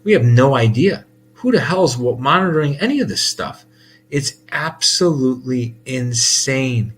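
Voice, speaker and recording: A man's voice: mid-range voice, lively intonation, unhurried. Guy ranting in a rambling monologue, restarts a lot, gets heated, faint hum behind. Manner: rambling, repetitive, with restarts and laughs; heated, emphatic. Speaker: podcast host. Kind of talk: casual monologue.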